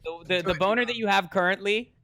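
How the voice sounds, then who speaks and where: A man's voice: sits high, fast talker, bright, forceful tone. A man on a podcast, mocking and sarcastic in casual banter. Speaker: podcast guest.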